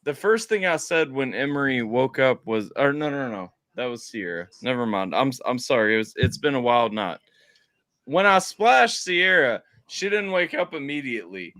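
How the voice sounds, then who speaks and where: A young man hosting a casual livestream, telling a story with excited, loud bursts. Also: mid-range voice, normal speed. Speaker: stream host.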